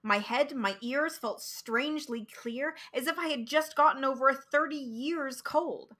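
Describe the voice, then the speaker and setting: Brief: woman storyteller, unhurried, expressive reading, bright and fairly high voice. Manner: slow, expressive, dramatic reading. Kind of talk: reading a short story aloud.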